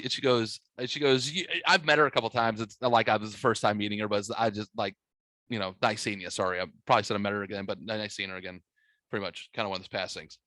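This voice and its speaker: A man's voice: lowish voice, pushed and bright, no room sound. A man hosting a podcast, telling a story in casual chat with crude language and quoted voices. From Midwest United States. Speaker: podcast host.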